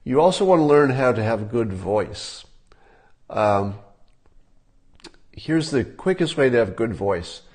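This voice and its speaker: An older man gives advice in a casual, unhurried monologue. His voice sits at an ordinary middle pitch and he talks plainly, as if to one listener. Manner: relaxed, conversational, demonstrating examples. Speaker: cartoonist giving advice.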